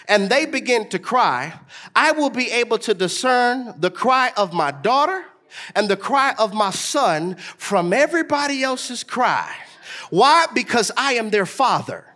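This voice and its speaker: A man in his thirties, a pastor delivering a sermon and talking straight to the congregation, his preaching swelling into shouts with a sing-song cadence. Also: high-pitched, very animated, a little slow.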